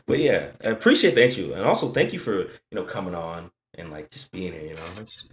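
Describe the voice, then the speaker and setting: Male host, low and quick, lively swings, slangy and playful, fading off at phrase ends, video call. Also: slight background noise. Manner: slangy, joking, trails off quietly at ends of phrases. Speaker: interview host. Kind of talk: casual video-call interview.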